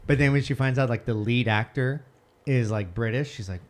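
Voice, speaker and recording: A man's voice: medium pitch, a little fast. A man co-hosting a casual podcast chat, who laughs often and tells rambling anecdotes. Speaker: podcast co-host.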